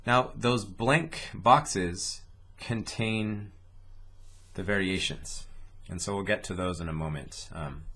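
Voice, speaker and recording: A man's voice: sits low, a bit bright, breathy edge. A man teaching a didgeridoo lesson, patiently explaining a rhythm step by step and speaking its syllables aloud. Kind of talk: instructional lesson, talking through rhythms.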